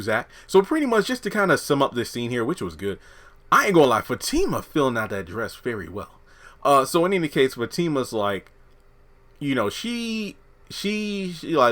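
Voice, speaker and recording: A man's voice: medium pitch, big pitch swings, brisk, a bit bright. A man giving a casual, slangy recap of a TV episode, acting out the characters' lines as he goes. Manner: chatty, slangy, acts out quotes from the show. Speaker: show reviewer.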